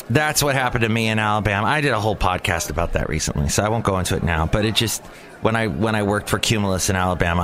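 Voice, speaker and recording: A man hosting his own daily podcast, rambling through a comedic monologue with lots of restarts and asides. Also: on the low side. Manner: rambling, animated, self-interrupting. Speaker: podcast host. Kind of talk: comedic monologue with character voices.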